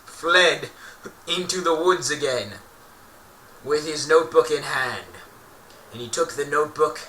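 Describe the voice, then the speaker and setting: Playful, bright-voiced man storyteller. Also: on the high side, slight background noise. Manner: playful, rambling, corrects himself mid-sentence. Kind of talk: improvised story narration. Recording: roomy echo, distant mic.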